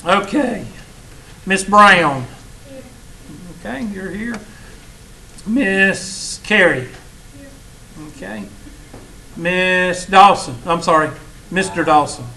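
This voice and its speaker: A man talking to his students, folksy and teasing as he spins a story. His voice is bright and forceful, and there is a faint hiss of background noise in the classroom. He pitches a little higher than most men. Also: drawn-out words, creaky, pauses often, rough recording. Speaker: college math instructor. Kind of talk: casual classroom talk.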